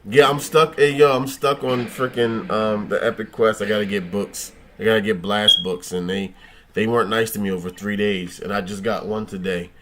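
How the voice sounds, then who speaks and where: A man's voice: on the low side, steady tone, normal speed, a bit bright, slight background noise. A man hosting a casual gaming livestream, joking and cursing as he thinks aloud and talks back to his chat. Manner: thinks aloud, trailing restarts.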